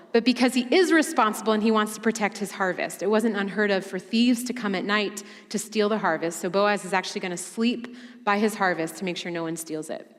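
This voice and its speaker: A woman teaches a women's Bible study in a relaxed, conversational way and mixes scripture with humorous asides. Her voice sits in a middle range. A long reverb trails behind her, as in a large hall. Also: medium pitch.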